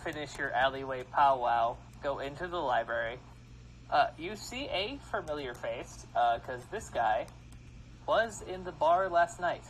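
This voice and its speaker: A man's voice: on the high side, animated, measured pace, a bit bright, poor audio. A man narrating a tabletop game as game master, loose and joking, with faint background noise. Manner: loose, laughing, playing shopkeepers on the fly.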